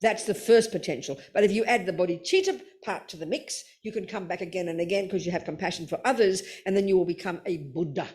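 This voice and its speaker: A woman's voice: lowish voice, fast talker, hardly any pauses, darkish tone. An older woman, a Buddhist nun, giving a Dharma talk and answering questions in a blunt, playful way, calling people darling.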